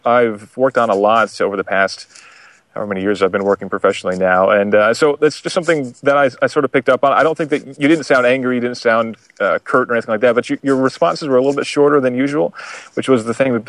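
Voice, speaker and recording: A man talking calmly and thoughtfully in casual conversation, with frequent fillers. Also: fairly low pitch, no echo. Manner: calm, reflective, many fillers.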